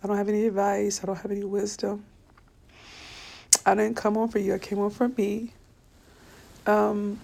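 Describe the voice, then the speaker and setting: A tired woman, chatting softly and a bit weepily to viewers on a live stream from her bed at home. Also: medium pitch, completely flat delivery, normal speed, gravelly, long pauses. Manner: soft and tired, weepy, talks to viewers by name. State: tired and low on energy. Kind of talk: casual live-stream chat. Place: bedroom at home.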